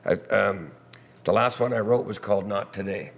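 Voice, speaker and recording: A hoarse man with a gravelly voice, a musician guest chatting casually in a pub's back bar, rambling and breaking off his own sentences. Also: on the low side, normal speed. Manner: rambling, self-interrupting storyteller. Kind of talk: casual chat.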